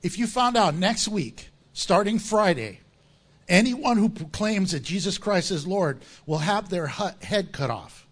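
A man's voice: high voice, big pitch swings, measured pace. A man, a pastor, preaching a sermon in a jokey way and acting out voices of the people he quotes.

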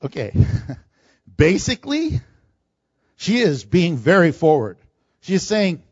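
Animated high-voiced male preacher. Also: slow pace, long pauses, dry recording, dull audio. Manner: animated, acts out quoted lines, laughs often. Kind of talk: sermon.

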